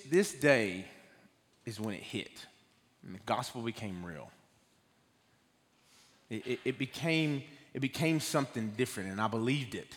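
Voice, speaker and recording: A nervous man shares his testimony from the front of a church, his sentences halting and full of restarts. His voice sits at an ordinary middle pitch, and a long hall reverb trails behind every phrase. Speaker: guest speaker giving a testimony. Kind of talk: personal testimony sermon. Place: church sanctuary.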